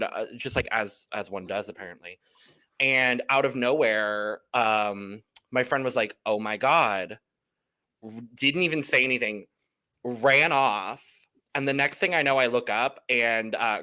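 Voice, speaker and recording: A man co-hosting a podcast, sharing an anecdote in a chatty, excitable way. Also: medium pitch. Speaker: podcast co-host. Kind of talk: casual chat.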